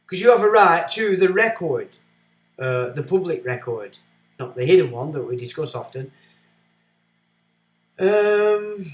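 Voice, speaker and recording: Northern English man with a Lancashire accent, slightly high voice, blunt and rambling, echoey room, livestream host. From Northern England. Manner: blunt, rambling, frequent ums and uhs. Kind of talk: casual livestream chat reading viewer comments.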